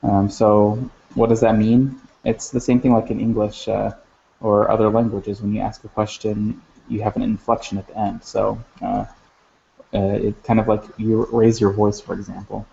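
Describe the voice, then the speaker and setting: Gravelly, flat-voiced man teaching a lesson. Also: lowish voice, slight background noise. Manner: halting, many fillers and restarts. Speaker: language teacher. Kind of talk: recorded lesson. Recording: dull lo-fi sound.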